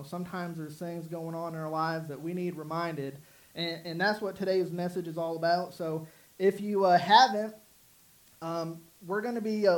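A man's voice: sits high, a bit bright, rough recording. A man preaching a sermon in an earnest, rambling way, with many restarts. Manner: earnest, repetitive with frequent restarts and fillers. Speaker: pastor.

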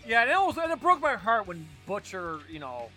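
A man co-hosting a casual podcast chat, excitable and swearing freely, often trailing off into mumbles. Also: sits high, a little fast, over music. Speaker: podcast co-host.

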